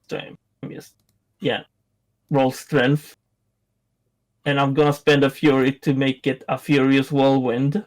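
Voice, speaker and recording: A man playing a tabletop game, playful and excitable, often laughing. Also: mid-range voice, takes it slowly, long pauses. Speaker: player. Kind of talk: casual tabletop game play.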